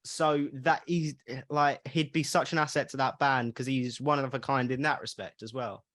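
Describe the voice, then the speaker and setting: A man's voice: medium pitch, steady tone, normal speed, fairly bright tone. A man hosting a podcast, chatting casually and eagerly about a band he admires. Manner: enthusiastic, fan-like interjections. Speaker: podcast host. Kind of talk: casual chat.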